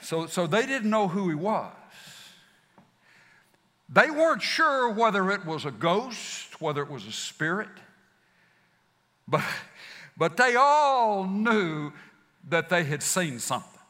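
High, lively preacher in an echoing hall. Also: male voice, takes it slowly, long pauses. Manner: dramatic swings from loud to hushed, folksy. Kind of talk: sermon. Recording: long hall reverb.

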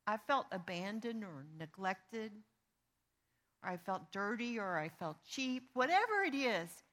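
A woman's voice: medium pitch, animated, measured pace, fairly bright tone. A woman giving an earnest, conversational Bible teaching, reading verses aloud with emphasis. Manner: reads scripture aloud with emphasis; earnest and conversational, with small restarts. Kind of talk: teaching on forgiveness.

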